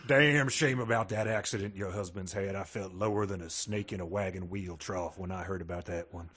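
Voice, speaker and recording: A weathered old Texan uncle drawls out his homespun sayings, as a man puts him on. His voice is low, slightly husky and unhurried. He sounds like he has never left the ranch. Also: a bit bright. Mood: folksy. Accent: Texas drawl. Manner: slow folksy drawl.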